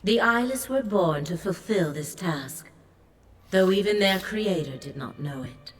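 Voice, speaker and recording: An actress voicing a grave, ancient sea goddess in a video game, speaking in a solemn, measured, commanding way. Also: female voice, fairly low pitch, animated. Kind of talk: game voice acting.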